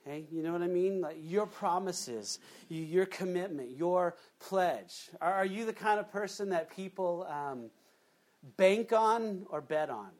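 A man's voice: high-pitched, measured pace. A man preaching a sermon, telling a joke story with frequent asides to the congregation. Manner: animated storytelling with asides to the audience. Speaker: pastor.

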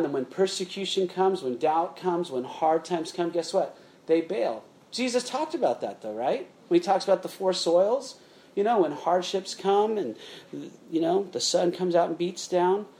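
A man's voice: high-pitched, a little mellow. Conversational preaching man. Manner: conversational preaching, frequent "okay?" and "guys". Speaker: pastor. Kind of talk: sermon.

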